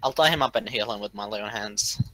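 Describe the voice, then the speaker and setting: A man's voice: on the low side, fast, sharp tone, no echo, poor audio. A man playing in a tabletop game over voice chat, joking and playfully defiant. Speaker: player.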